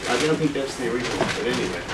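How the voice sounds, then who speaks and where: A man's voice: medium pitch, animated, racing. A man who is a guitarist, giving a workshop in casual teaching talk, chatty, sounding out rhythms with his voice. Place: music shop event room. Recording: roomy room, distant mic, guitar playing.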